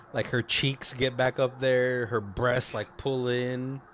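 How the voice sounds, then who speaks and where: A man's voice: medium pitch, fairly even intonation, slow pace, fairly bright tone, slight background noise. A man co-hosting a podcast in casual chat, retelling film scenes with lots of laughter and acting out the lines. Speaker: podcast co-host.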